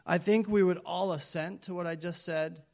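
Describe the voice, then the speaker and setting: A man's voice: sits high, steady tone, moderate pace, vocal fry, darkish tone. Fields: Sex: male. Style: conversational sermon. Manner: conversational, self-deprecating, emphatic repetition. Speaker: pastor.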